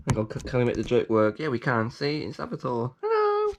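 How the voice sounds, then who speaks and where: A man hosting a video, reading a leaflet aloud with jokey commentary, playful and prone to sudden excited outbursts. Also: mid-range voice, fast talker. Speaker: video host.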